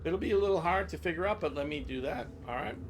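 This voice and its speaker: An older man running a tabletop game over voice chat in a relaxed, rambling way, on a noisy recording. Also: fairly high pitch, fast. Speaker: game master.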